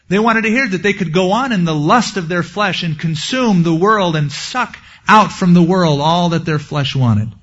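A pastor preaching through a Bible passage, with casual, folksy asides to his listeners. His voice sits a little high for a man. The recording sounds dull and lo-fi. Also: fairly bright tone. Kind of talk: expository sermon.

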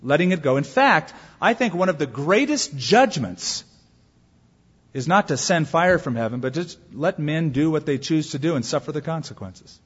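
Husky-voiced man preaching in a reverberant hall. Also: animated, moderate pace. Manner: earnest preaching with wide swings in pitch and volume. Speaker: pastor. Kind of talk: sermon. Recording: long hall reverb, dull lo-fi sound.

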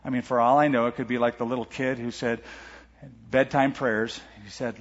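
A middle-aged man preaching a sermon as pastor, animated, asking rhetorical questions and reading scripture aloud. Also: mid-range voice, normal speed. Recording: lo-fi church recording with long hall reverb.

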